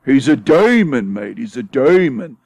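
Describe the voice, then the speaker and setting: A man's voice: medium pitch, big pitch swings, measured pace, darkish tone, no echo, pitched above the performer's own voice. A man mimicking a jeering British bloke. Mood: mocking. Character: scornful British man calling someone a demon.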